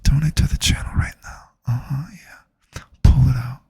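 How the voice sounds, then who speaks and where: A man voicing a mock ASMR streamer in whispered role-play, teasing and breathy as he begs for donations. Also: medium pitch, steady tone, moderate pace, a little mellow, no room sound, studio quality.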